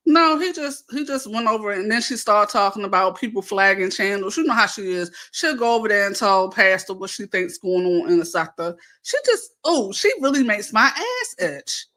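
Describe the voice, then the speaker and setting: A woman's voice: mid-range voice, lively intonation, normal speed, hardly any pauses, pushed and bright. A woman guest in a live chat room, ranting profanely and mocking someone in heated casual chat.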